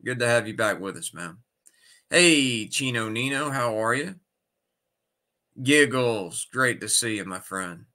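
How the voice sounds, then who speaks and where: A man's voice: medium pitch, expressive, measured pace, pushed and bright. A sick man hosting a casual livestream, greeting his viewers one by one by name. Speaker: livestream host.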